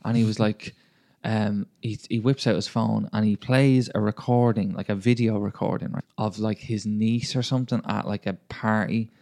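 A man's voice: fairly low pitch, steady tone, normal speed, gravelly, few pauses, a little mellow, no echo, clean studio sound. A man, co-hosting a podcast, telling a story in casual chat with plenty of swearing. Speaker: podcast co-host.

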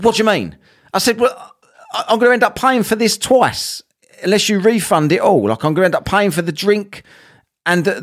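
A young man telling a ranting story with lots of swearing, acting out both sides of a quarrel. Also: high voice.

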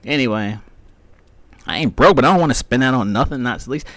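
A man's voice: mid-range voice, brisk, no room sound. A man telling a story from his own life in a loose, profane monologue, acting out both sides of each exchange. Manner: profane, animated, acts out both sides of the talk. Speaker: podcast host.

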